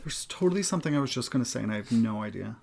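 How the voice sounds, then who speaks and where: A man's voice: mid-range voice, animated, rapid-fire, creaky, a little mellow. Friendly male co-host sharing knitting tips. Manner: friendly, explains knitting tips in an easy flow. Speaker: podcast co-host. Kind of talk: casual chat.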